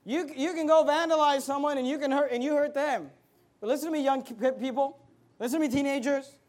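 A man pastor preaching a fiery sermon, moving between loud emphatic bursts and quiet asides. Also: extremely high pitch, a little fast.

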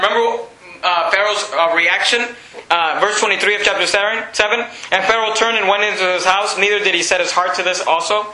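A male pastor preaching a sermon, telling the story with animated, laughing asides and acted-out voices. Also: sits high, echoey room, low-quality recording.

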